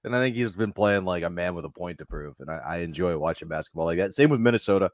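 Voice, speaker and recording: A man with a very low, deep voice, recorded close and dry with no room sound. He co-hosts a casual chat, tossing in laid-back, dry opinions. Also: lively intonation, quick pace, no echo.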